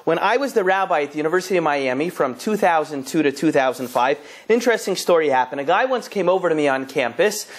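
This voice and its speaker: A man in his thirties, a rabbi telling a story and acting out every character with lively delivery. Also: a little high, fast talker, hardly any pauses. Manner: animated, acts out every character. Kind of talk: storytelling talk.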